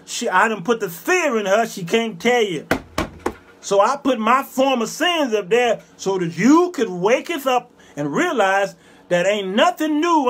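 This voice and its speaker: A man in his fifties hosts his own show with a strikingly high voice, lecturing his listeners in a fierce, preachy rant. He hammers the same short phrases again and again and breaks into shouts without warning. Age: 50s. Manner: fiery, scolding, preachy, bursts of shouting. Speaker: show host. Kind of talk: ranting monologue.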